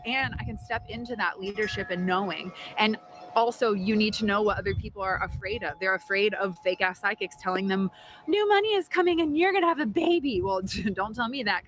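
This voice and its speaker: A woman's voice: mid-range voice, fairly bright tone, a little hiss or hum. A woman hosting a tarot show, telling a personal story in a chatty, casual way, with frequent laughs and casual swearing. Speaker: tarot reader and host.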